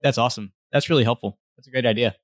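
A man's voice: medium pitch, rapid-fire, no room sound. Curious man asking questions, dry sound. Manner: curious, asks questions and thinks aloud. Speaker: music teacher. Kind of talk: casual group discussion.

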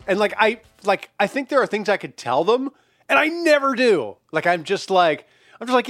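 A young man with a high, bouncy voice hosts in loose, swearing chat, full of filler words. His pitch swings widely as he talks. The sound is dry, with faint music behind him. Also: sing-song, a little fast, fairly bright tone, no room sound. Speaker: podcast host. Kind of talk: casual chat.

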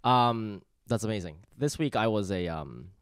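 Brief: man, 30s, comedian, lower voice, dry close mic, meandering anecdote style with sudden loud mimicry. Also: lively intonation, normal speed, clear, resonant tone, no room sound. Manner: rambling storyteller with many fillers, swings into loud mimicry. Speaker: stand-up comedian. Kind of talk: casual podcast chat.

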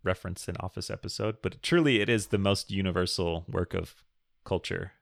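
A man's voice: low voice, fairly quick, vocal fry, no room sound, clean studio sound. A man co-hosting a podcast, chatting casually, laughing often and reading listener questions aloud. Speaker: podcast co-host. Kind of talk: casual chat.

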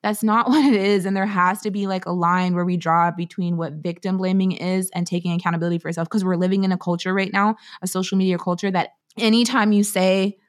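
A woman's voice: lowish voice, steady tone, fast, hardly any pauses. Blunt, swearing Canadian woman guest. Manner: blunt, profane and emphatic, full of slang. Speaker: author and podcast guest. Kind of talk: candid conversational interview.

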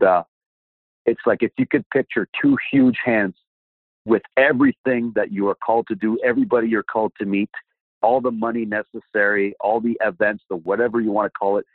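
A man's voice: lowish voice, dry recording. A man as a guest, telling a personal testimony animatedly and acting out the dialogue. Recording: dry, phone-like line.

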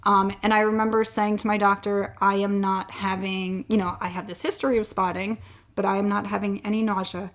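A woman's voice: mid-range voice, flat delivery, fairly quick. A woman in an interview, candidly telling a long personal story and getting choked up at times. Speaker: guest sharing her fertility story.

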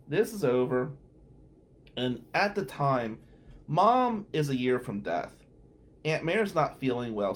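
A middle-aged man hosting a radio show, telling a story casually, chatty and full of fillers. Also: mid-range voice.

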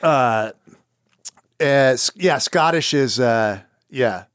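A man hosting a loose, joking podcast conversation, ribbing his guest in a dry, deadpan way. His voice sits at an ordinary middle pitch, and the sound is close and dry with no room echo. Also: slow pace, smooth. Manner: teasing, deadpan jokes. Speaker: podcast host. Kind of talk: casual chat.

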